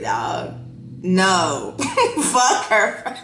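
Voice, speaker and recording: A woman in her thirties hosting a podcast, talking in a profane, laughing, animated way, with a casual and unfiltered delivery. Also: mid-range voice, a little slow, echoey room, a little hiss or hum. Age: 30s. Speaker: podcast host.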